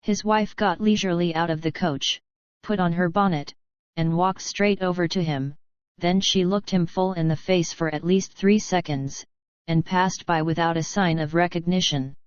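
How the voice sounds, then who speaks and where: A woman narrating an audiobook in a measured, even reading. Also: lowish voice, clean tone, dry recording, highs cut off.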